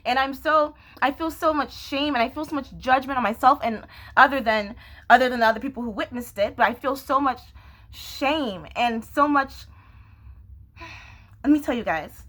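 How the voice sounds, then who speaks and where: Young woman, vlog host, bright high voice, candid and laughing. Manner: candid, laughs often, restarts and fillers. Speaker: vlogger. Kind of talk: confessional vlog talk.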